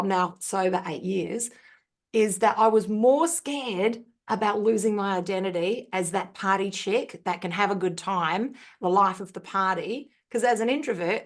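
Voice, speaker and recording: A woman speaks as a podcast guest, her voice sitting at an ordinary middle pitch. She tells her story earnestly and thoughtfully, pausing on ums and restarting sentences as she works through each point. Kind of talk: reflective personal storytelling.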